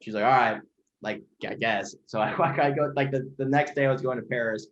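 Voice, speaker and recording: A man who is a guest chef on a podcast, telling stories in a rapid, rambling way full of fillers and swearing. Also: medium pitch. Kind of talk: casual storytelling. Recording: lo-fi dull audio.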